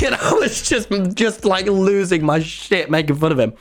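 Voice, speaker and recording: A man, telling a story to his live chat in an excitable, rambling way. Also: high voice, normal speed, slight background noise. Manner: excitable and rambling, with many restarts. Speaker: streamer.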